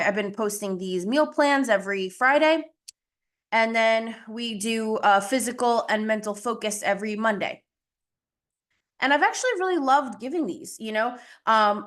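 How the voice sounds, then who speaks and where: Leading a casual live teaching session on a group video call, a young woman coach speaks with a fairly high, somewhat bright voice. She comes across as talkative and self-deprecating, a bit short of breath.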